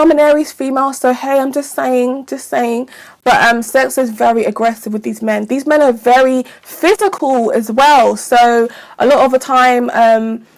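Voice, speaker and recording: A woman giving casual astrology advice in a frank, profane, chatty way. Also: a little high. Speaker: astrology vlogger.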